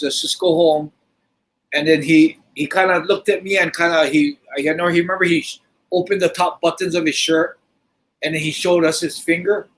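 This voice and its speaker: A middle-aged man telling a story in casual podcast talk, animated and swearing freely, often restarting his sentences. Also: a little high, low-quality recording. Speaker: podcast host.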